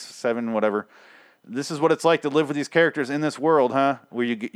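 A man talks through a TV episode in a loose, sarcastic ramble, peppered with swearing and repeated words as he restarts his thoughts. His pitch sits in the middle of the male range. The recording is dry, with no room sound around him. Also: smooth, no room sound. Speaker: TV episode recapper. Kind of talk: casual, profane episode recap.

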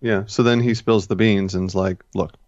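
A man's voice: on the low side, steady tone, moderate pace, darkish tone, no echo. A man co-hosting a casual chat, rambling and correcting himself as he retells scenes. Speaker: podcast co-host. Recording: dull, lo-fi dry recording.

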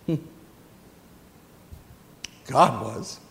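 A man's voice: medium pitch, very slow, gravelly, fairly bright tone, big-room sound. A middle-aged man, preaching a sermon as pastor and telling a story with emphatic repeated phrases.

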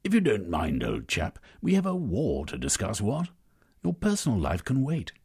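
A man voicing a pompous, blustering old lord who tacks "what?" onto his sentences, in a raised, husky voice. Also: lowish voice, huge pitch swings, moderate pace, darkish tone, voice pushed up, exaggerated voice.

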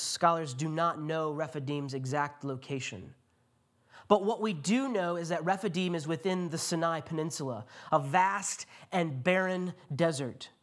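A male pastor giving a sermon, retelling a scripture story and speaking the quotes in a quieter voice. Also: high-pitched. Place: church.

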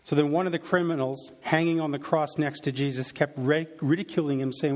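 A man with a slightly high, darkish voice preaches at a brisk pace with few pauses. He reads a Bible passage aloud and reflects on it, often using fillers and restarting his sentences, in the manner of sermon reading and scriptural teaching.

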